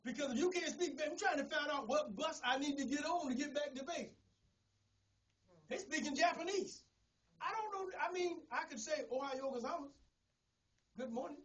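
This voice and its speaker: A middle-aged man preaches in a folksy storytelling way, stumbling over and repeating words as he goes. His voice sits high for a man. He is recorded from some distance in a church. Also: moderate pace, fairly bright tone. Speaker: pastor. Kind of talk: sermon.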